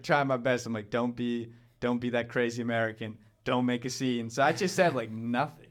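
A man's voice: mid-range voice, moderate pace. Young man rambling through a story. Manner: rambling, lots of "like", animated retelling. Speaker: storyteller guest. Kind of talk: casual chat.

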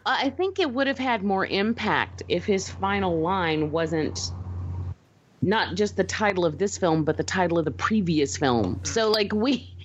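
A woman's voice: mid-range voice, expressive, measured pace, muffled recording, slight background noise. A woman co-hosting a casual podcast, gushing and emotional as she reviews a movie, laughing easily. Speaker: podcast co-host.

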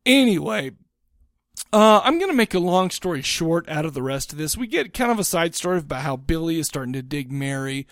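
A man's voice: a little high, big pitch swings, a little fast, dry recording. Rambling, profane man in a dry podcast recording. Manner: rambling, profane, acts out quotes. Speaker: podcast co-host. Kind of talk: casual movie review chat.

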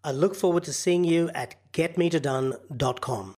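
A man with a mixed Australian and Indian accent hosts a podcast. He sounds upbeat and jokey, in a fairly high voice for a man. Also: normal speed, darkish tone. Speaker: podcast host. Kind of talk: casual interview chat.

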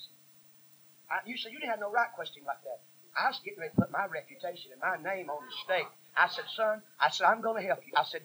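A man preaching a sermon, telling stories in a folksy, emphatic way that sometimes drops to a hush. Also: high-pitched, slightly rough, poor audio. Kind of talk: sermon storytelling.

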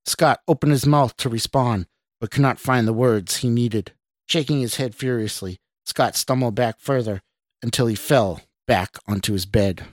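A man's voice: mid-range voice, normal speed, no room sound. Man narrating horror, dry and close. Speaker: podcast host and storyteller.

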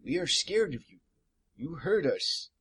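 Husky, lively-voiced man playing a tabletop game. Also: on the high side, unhurried. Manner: joking, rambling, laughs often. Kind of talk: in-character role-play and casual chat.

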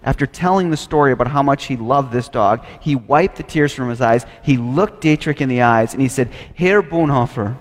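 A man giving an earnest storytelling lecture on theology, dropping from emphatic to hushed. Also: mid-range voice, fairly quick, few pauses, long reverb tail. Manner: earnest, dramatic shifts from loud to hushed.

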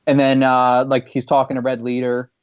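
A man's voice: mid-range voice, completely flat delivery, normal speed, clean tone, no room sound, dull audio. A man in a casual group chat, explaining his points at length with hesitant fillers.

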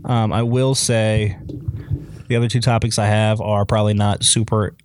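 A young man chatting casually as a podcast co-host, relaxed, swearing and laughing often. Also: on the low side, moderate pace, slight background noise. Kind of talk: casual chat.

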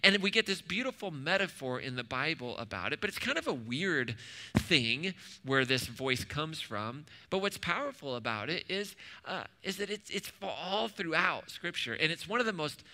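A man's voice: a little high, sing-song, moderate pace, sharp tone. A man preaching a sermon as pastor, conversational and humorous, often checking in with "right?". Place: church sanctuary. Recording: reverberant church hall.

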